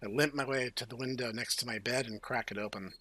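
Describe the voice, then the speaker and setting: A man's voice: medium pitch, steady tone, quick pace, sharp tone, slightly rough. A man hosting a let's play, reading game text aloud with playful, jokey asides. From United States. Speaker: host.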